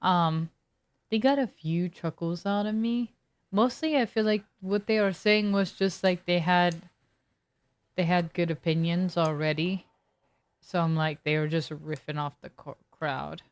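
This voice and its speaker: A young woman streamer chats over her game, telling stories that wander and restart, full of "like" and "um." Her voice sits a little low and comes across smooth and clean. The sound is dry and close, with no room around it. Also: measured pace, dry recording. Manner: rambling storytelling with many fillers. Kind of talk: casual chat while gaming.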